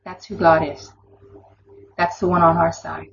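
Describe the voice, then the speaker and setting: A woman's voice: lowish voice, little pitch movement, a little slow, vocal fry, a little hiss or hum. A woman giving an informal Christian devotional teaching, earnest and conversational, with laughing asides. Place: online or broadcast session. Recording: dull lo-fi recording.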